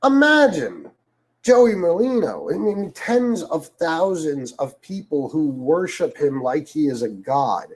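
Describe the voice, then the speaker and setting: A man's voice: a little high, slow, poor audio. A middle-aged man hosting a livestream, ranting in casual, profane commentary full of repeats and asides. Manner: profane, repetitive, animated storytelling. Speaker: livestream host.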